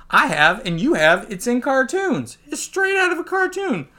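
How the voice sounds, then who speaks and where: A man hosting a podcast, recapping a comic in casual chat. He talks in a loose, chatty way, laughs easily and jumps into squeaky voices when he acts out scenes. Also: normal speed, few pauses. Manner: animated, jumps into high squeaky voices when acting out lines. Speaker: podcast host.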